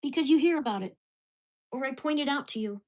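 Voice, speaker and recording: A woman vlogger ranting to the camera, with profane, fast-shifting storytelling and an exasperated, indignant tone. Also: sits high. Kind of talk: angry rant to camera.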